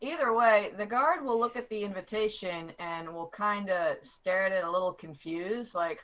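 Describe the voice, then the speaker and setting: Bright-voiced game master narrating. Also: male voice, high-pitched, normal speed, hardly any pauses, poor audio.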